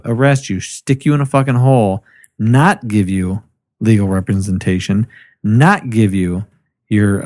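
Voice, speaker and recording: A man co-hosting a podcast in casual chat, ranting with lots of swearing. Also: lowish voice. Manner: profane, animated ranting. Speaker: podcast co-host.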